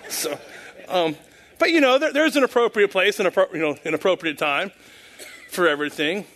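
A man's voice: sits high, animated, moderate pace, long pauses, fairly bright tone. A man giving an informal sermon in a folksy, rambling way, chuckling at his own jokes. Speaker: preacher.

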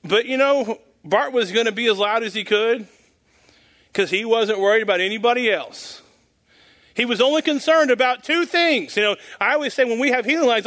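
A man's voice: high-pitched, sharp tone. A man giving an informal sermon in a folksy, rambling way, chuckling at his own jokes. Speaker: preacher.

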